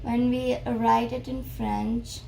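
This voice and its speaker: Slow, higher-voiced woman teaching French. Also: flat delivery, creaky, mellow, a little hiss or hum, low-quality recording. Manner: slow, careful explaining with repeated pronunciations. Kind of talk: beginner language lesson.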